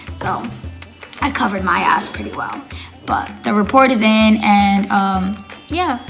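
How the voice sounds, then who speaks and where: With a mid-range, creaky, slightly bright voice, this woman rambles through a casual storytime as a vlogger. Fillers pile up, and she acts out the quoted dialogue of the people involved.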